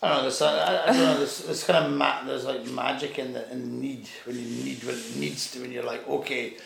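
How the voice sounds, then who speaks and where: Man, gravelly voice, casual storytelling, rambling restarts, echoey room. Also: mid-range voice, fairly even intonation, a little fast, a crowd in the background. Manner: rambling, restarts, swears, acts out voices in anecdotes.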